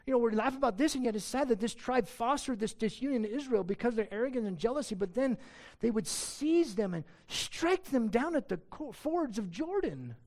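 A man's voice: very high-pitched, animated, a little fast, a little mellow. A pastor preaching a sermon to his church, earnest and emphatic, asking many rhetorical questions.

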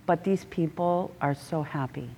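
A middle-aged woman telling animated stories about a mission trip, breaking into acted voices, in a church hall. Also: unhurried. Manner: animated, laughing, acts out quotes with big pitch jumps. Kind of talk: casual storytelling. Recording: reverberant hall.

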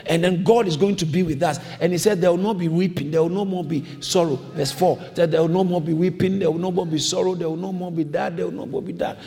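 A man's voice: high-pitched, steady tone, fast, few pauses, warm tone, faint music behind. A man preaching a sermon, emphatic and repetitive, calling on the congregation to repeat his lines. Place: church hall. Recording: long reverb of a large hall.

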